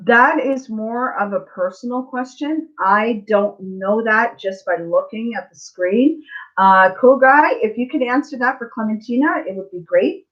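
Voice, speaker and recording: A woman's voice: a little high, measured pace, a bit bright, muffled recording. A woman tarot reader hosting a live stream, talking casually to viewers about life lessons, repeating herself and often asking "right?". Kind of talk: casual spiritual talk to viewers.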